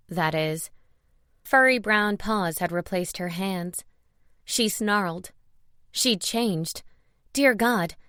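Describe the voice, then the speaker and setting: Female audiobook narrator, mid-pitched, expressive, dry booth sound. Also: no room sound. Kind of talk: scripted narration.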